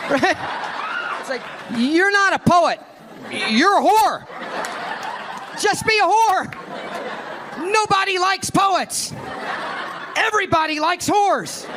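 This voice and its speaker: A high-pitched man does stand-up with a lively, swooping delivery. He is brash and profane, and he jabs at the crowd. The live club recording is noisy, with an audience rumbling behind him. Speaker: stand-up comedian. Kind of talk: stand-up set. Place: comedy club stage. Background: audience laughter and room noise.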